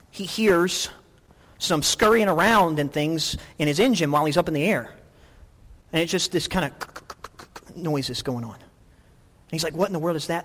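Animated pastor preaching in a reverberant hall. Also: male voice, on the high side. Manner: animated storytelling with many restarts. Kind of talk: sermon.

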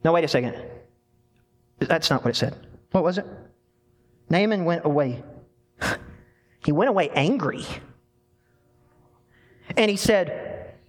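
A man preaching a sermon, telling a scripture story in an animated way and voicing the people in it. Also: a little high, measured pace, long pauses. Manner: animated storytelling with dramatic voiced quotes. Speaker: pastor.

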